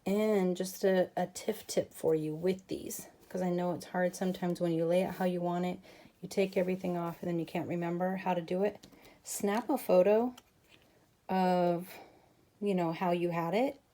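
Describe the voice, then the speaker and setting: Chatty woman crafter talking viewers through a project; lowish, warm, slightly gravelly delivery. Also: fairly even intonation, moderate pace. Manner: chatty, talks to viewers while working. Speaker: crafting channel host. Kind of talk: casual craft tutorial narration.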